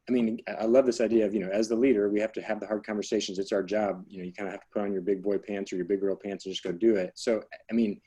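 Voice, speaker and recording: A man's voice: lowish voice, dark tone, husky. A middle-aged man interviewing a guest in a webinar, asking long, rambling questions full of fillers.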